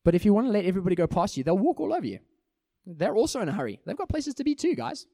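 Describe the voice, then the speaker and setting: A man preaching a sermon in an animated way, acting out small everyday scenes to make his points. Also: sits high, very fast, no echo, studio quality.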